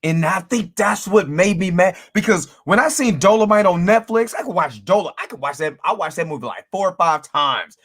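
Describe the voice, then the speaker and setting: A man's voice: high voice, moderate pace, few pauses. Rambling man giving a casual movie review. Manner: rambling, animated, repeats himself, many fillers.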